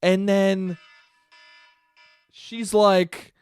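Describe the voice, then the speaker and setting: A man's voice: high voice, flat delivery, very slow, smooth, dry recording. A man hosting a podcast, telling a rambling, profane comedic story on his own. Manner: profane, rambling, acts out dialogue. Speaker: podcast host. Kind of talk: casual comedic storytelling monologue.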